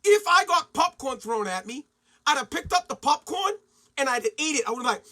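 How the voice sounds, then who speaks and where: A man with a strikingly high voice hosts a podcast, and he rants in a loose, excitable way full of swearing. His tone is bright and sharp. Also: fairly quick. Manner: profane, excitable ranting. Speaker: podcast host. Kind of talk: casual podcast rant.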